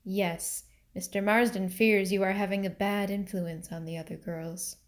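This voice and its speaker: A woman reading the part of a stern, formal middle-aged male mill agent in a storybook, questioning in a measured way. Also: mid-range voice, level tone, natural voice.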